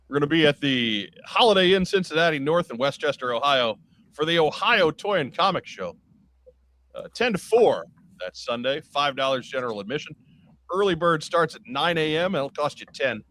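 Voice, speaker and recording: A man hosting a podcast, reading announcements in a casual, halting way with many fillers. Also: on the high side, a bit bright. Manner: conversational, hesitant with frequent "uh". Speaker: podcast host.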